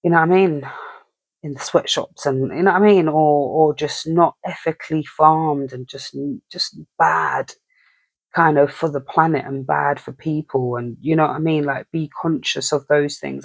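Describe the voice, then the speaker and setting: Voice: mid-range voice, fairly even intonation, normal speed, vocal fry, no room sound. A speaker giving a casual, rambling spiritual message, often checking in with the listener. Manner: rambling, chatty, keeps asking "you know what I mean". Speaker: spiritual reader.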